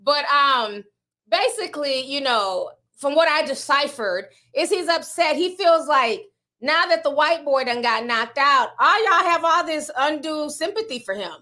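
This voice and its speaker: High voiced woman spilling gossip on her vlog, bright sharp tone, keeps laughing. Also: animated, a little slow. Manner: chatty, laughs often, slangy asides. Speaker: vlogger. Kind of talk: casual gossip commentary.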